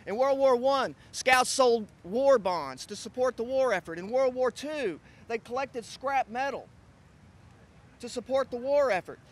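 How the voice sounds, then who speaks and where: A middle-aged man from Texas, a scout crew advisor, giving a hurried press conference speech outdoors with restarts. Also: extremely high pitch, expressive.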